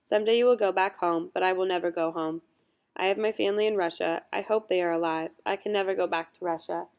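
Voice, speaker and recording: A weary young camp doctor speaks in a soft, hushed storybook voice, put on by a woman reading aloud. She is gentle and homesick, talking slowly with sighs between her words, in a slightly low register. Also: fairly even intonation, muffled recording, close to an everyday voice. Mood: tender, sad.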